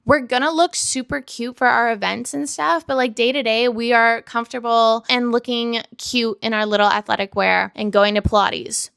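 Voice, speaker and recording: Young woman vlogging, lots of vocal fry, kinda high voice, super chatty and candid, says like a lot. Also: fairly even intonation, moderate pace, few pauses, a bit bright, dry recording, studio quality. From Vancouver, Canada. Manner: chatty, lots of "like" fillers, candid and self-mocking. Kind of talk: casual confessional vlog. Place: indoors by a window.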